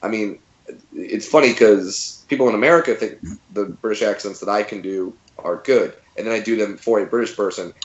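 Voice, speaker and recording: A man in his thirties, a comedian telling stories as a guest in a casual interview, relaxed with lots of fillers and restarts. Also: fairly low pitch, fairly quick, roomy sound, highs cut off.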